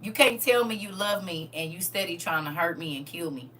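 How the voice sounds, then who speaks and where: A woman speaks in with a bright, forceful voice. She talks straight to her livestream viewers, emphatic and preachy. A faint hum sits behind her. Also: on the low side, expressive, a little fast. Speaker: livestream host. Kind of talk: casual livestream talk.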